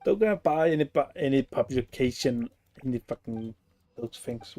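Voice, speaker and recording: A man's voice: mid-range voice, expressive, moderate pace, warm tone, no room sound, faint music behind. A man giving casual gameplay commentary, sarcastic and swearing freely as he plays. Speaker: gaming streamer.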